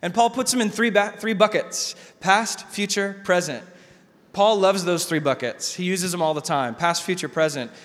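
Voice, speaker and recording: A male pastor preaching a sermon in a conversational, animated way, often repeating words. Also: sits high, a little fast, few pauses. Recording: long hall reverb.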